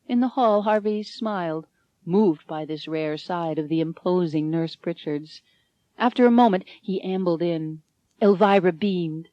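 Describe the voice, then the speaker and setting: A woman's voice: on the low side, moderate pace, mellow, no echo. Woman narrating an audiobook, dry studio sound. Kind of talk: scripted narration.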